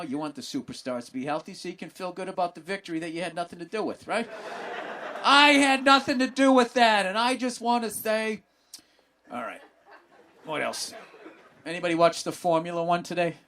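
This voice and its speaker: A man hosting a podcast, swearing constantly and bursting into excited yelling during a comedic rant about sports. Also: high voice, a little hiss or hum. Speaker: podcast host.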